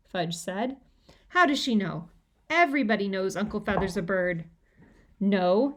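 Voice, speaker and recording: A woman reading a children's chapter book aloud, lively and shifting her voice for each character. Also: medium pitch, moderate pace. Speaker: audiobook reader.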